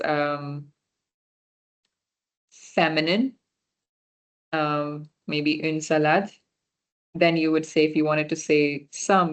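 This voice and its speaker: A volunteer French workshop teacher with a low, smooth voice takes her time leading a small online beginner class through a computer mic. Chatty and informal, she reads out and answers students' chat messages and corrects her own slips as she goes.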